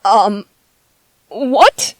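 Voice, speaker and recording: A woman's voice: medium pitch, animated, very slow, dry recording. A woman voicing a shy, bookish young male soldier in an ASMR audio drama, nervous and stammering.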